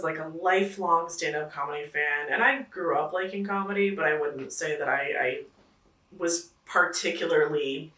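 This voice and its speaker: A woman who is a comedy producer and stand-up comedian gives reflective interview answers, full of fillers and restarts. Her voice is deep, bright, and forceful, recorded from a distance in an echoey room.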